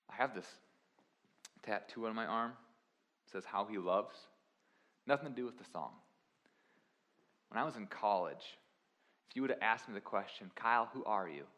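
A young man preaching a sermon, swinging from quiet confessional lines to loud, emphatic preaching. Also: fairly low pitch. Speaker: pastor.

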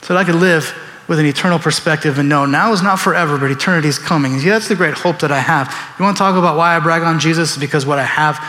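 A man's voice: a little high, quick pace, bright, forceful tone, big-room sound. A man preaching a sermon in a church, conversational and storytelling, acting out quoted voices. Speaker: pastor. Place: church sanctuary.

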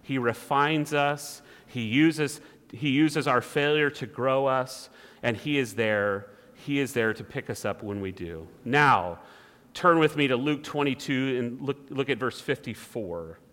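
A man preaching a sermon as pastor, animated, acting out the voices he quotes. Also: medium pitch, unhurried, long reverb tail.

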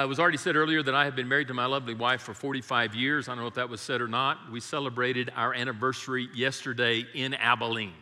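An older man, a great-grandfather, stands in as guest preacher in a church sanctuary, where his sermon weaves prayer together with humorous, folksy family stories. His mid-range voice comes across pushed and bright, trailed by the long reverb of a large hall.

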